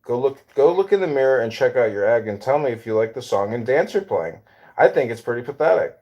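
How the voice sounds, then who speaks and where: A man's voice: mid-range voice, expressive, fast talker, darkish tone, lo-fi sound. A man hosting a voice chat who talks in a blunt, mocking, provocative way. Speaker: host recording social audio chats.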